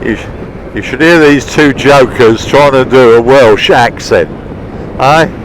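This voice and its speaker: A chatty middle-aged man with a mid-pitched voice, commenting cheerfully while he rides a motorbike. His helmet mic catches loud rushing wind and engine noise the whole time. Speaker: motorbike vlogger. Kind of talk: casual ride commentary. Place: outdoors on a moving motorbike.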